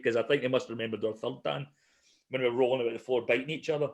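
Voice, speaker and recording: A man's voice: mid-range voice, racing. Laughing man telling stories. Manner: animated storyteller, laughs often. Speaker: podcast host. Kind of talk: casual chat.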